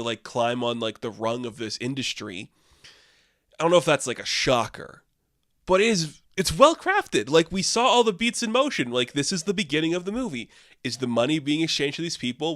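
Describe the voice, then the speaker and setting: A man's voice: mid-range voice, a bit bright, no echo, clean studio sound. A man giving a casual, enthusiastic film review, rambling and saying "like" often.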